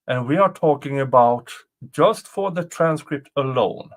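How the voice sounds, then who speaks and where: Chuckling man, lively pitch. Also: a little slow. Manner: chuckles often, jokey asides. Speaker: livestream host commenting on a trial. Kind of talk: casual live commentary.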